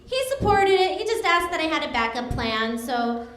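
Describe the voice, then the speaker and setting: A woman's voice: sits high, sing-song, normal speed, a bit bright. A woman in her thirties performing a stand-up comedy set, bubbly and laughing at her own jokes as she acts out voices. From United States. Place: comedy club stage. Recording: echoey club room.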